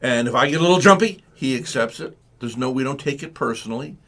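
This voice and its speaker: Rambling, animated male radio host. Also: mid-range voice, fast. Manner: rambling, animated storytelling with acted-out quotes. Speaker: radio talk show host. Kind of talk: live morning radio talk.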